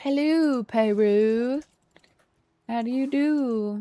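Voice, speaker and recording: A woman game streamer chatting casually on a live stream, relaxed and chatty, talking to her chat and humming along while she plays. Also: mid-range voice, measured pace, dry recording.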